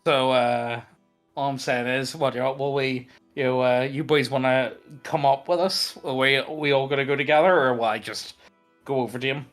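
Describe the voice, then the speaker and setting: A man rambles through a story at a tabletop game, joking and piling on fillers. His voice sits in a middle pitch, with faint music in the background. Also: fairly even intonation, moderate pace, fairly bright tone. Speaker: player. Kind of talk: casual tabletop role-play chat.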